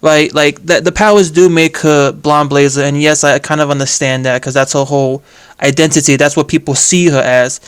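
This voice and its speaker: A man's voice: fairly high pitch, normal speed, clean tone. A man giving a casual, exasperated rant about a video game, swearing and filling his talk with "like". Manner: animated and exasperated, with heavy use of "like" and swearing. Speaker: game commentator.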